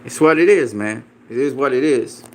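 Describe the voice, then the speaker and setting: A man's voice: mid-range voice, lively intonation, moderate pace, slight background noise. Guy ranting about fights, cussing nonstop, dismissive, keeps repeating himself, regular mid voice. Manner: profane, combative, dismissive; repeats himself, laughs mockingly. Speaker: boxing commentator. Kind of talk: ranting reaction video.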